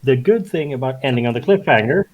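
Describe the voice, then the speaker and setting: A man narrating actions in a tabletop game, halting and full of restarts. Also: medium pitch, expressive, muffled recording. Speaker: player narrating his character's actions.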